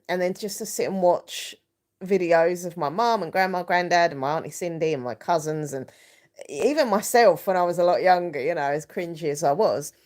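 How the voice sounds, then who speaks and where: A woman in her thirties, hosting a casual live stream, chatting in a rambling way with many fillers and restarts while reading out viewer comments. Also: sits low.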